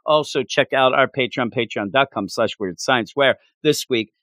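A man's voice: mid-range voice, normal speed, fairly bright tone, no echo, studio quality. A man hosting a comics podcast, reviewing issues in a loose, jokey, late-night goofy way.

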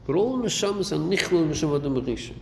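A man's voice: on the high side, animated, fast talker, creaky. Man teaching in an echoey hall. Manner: questioning, rhetorical, mixes Hebrew terms into English. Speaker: Torah teacher. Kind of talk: classroom lecture on Chassidic text. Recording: echoey hall recording with faint noise.

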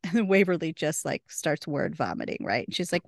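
Woman with gravelly low voice. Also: very animated, a little fast, dry recording, studio quality. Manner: retells scenes with quoted lines, laughs often. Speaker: podcast co-host. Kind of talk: casual recap chat.

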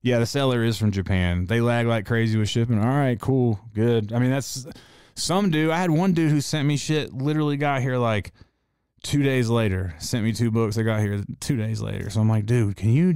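A man who runs a tattoo shop, hosting a casual monologue and telling a story in a profane, animated way. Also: medium pitch, normal speed, clear, resonant tone, no echo, clean studio sound. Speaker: podcast host.

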